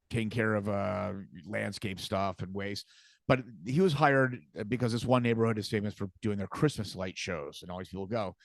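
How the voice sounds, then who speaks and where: A man hosting a podcast, telling stories in casual chat, halting and repeating words as he goes. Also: medium pitch, no room sound, clean studio sound. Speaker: podcast host.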